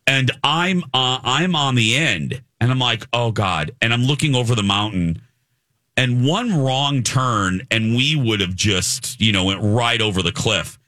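A man hosting a talk show, telling a travel story in a rambling, animated way with lots of fillers. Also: medium pitch, unhurried, no room sound, studio quality. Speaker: radio show host. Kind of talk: casual storytelling chat.

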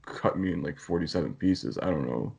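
A man's voice: deep voice, animated, fairly quick, creaky, darkish tone, breathy edge. A man co-hosting a casual comedic chat, joking and laughing often. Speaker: podcast co-host.

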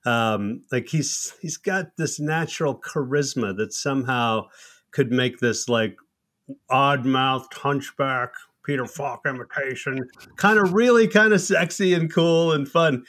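A man telling salty, animated stories about his comedy troupe in a casual podcast chat. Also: mid-range voice, measured pace. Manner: profane, animated anecdotal storytelling. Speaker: comedy troupe member, co-host.

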